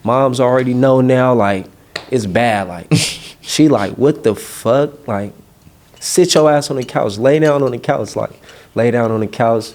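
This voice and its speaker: A man's voice: medium pitch, a little slow. A young man from Los Angeles, a rapper, telling slangy rambling stories in a casual interview. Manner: slangy, rambling, animated street storytelling.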